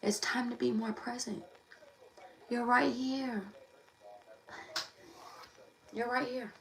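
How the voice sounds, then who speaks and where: A woman hosting a tarot live stream, talking in an emphatic, preachy way and repeating her phrases over and over. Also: medium pitch. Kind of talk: impassioned live-stream monologue. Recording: echoey room, distant mic, faint noise.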